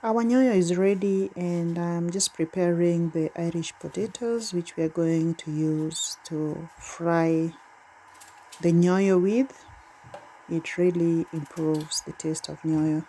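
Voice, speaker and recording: A woman's voice: on the low side, fairly even intonation, slow, dark tone, slight background noise. A woman vlogging from village life, talking casually and straight to her viewers. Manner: chatty, speaks straight to viewers.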